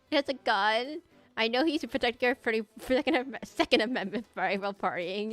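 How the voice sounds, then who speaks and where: A woman's voice: a little high, normal speed, a bit bright, no room sound, faint music behind. A woman streamer chatting casually with her viewers while she draws, rambling and amused at herself. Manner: rambling, self-amused, talks to chat. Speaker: streamer drawing requests live. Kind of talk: casual live-stream chat while drawing.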